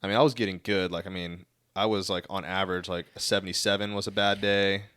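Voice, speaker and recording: Fast-talking deep-voiced man co-host. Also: flat delivery, fairly bright tone, clean tone, no echo. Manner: dry teasing humor. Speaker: podcast co-host. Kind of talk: casual chat.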